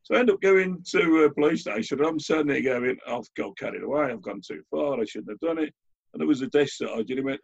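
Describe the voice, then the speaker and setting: A man talks in a casual chat, his voice gravelly and a little husky. He tells stories with lively restarts. The audio is dull and lo-fi. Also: medium pitch, fast talker. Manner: animated storyteller, many restarts. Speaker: guest. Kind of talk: casual conversational anecdote.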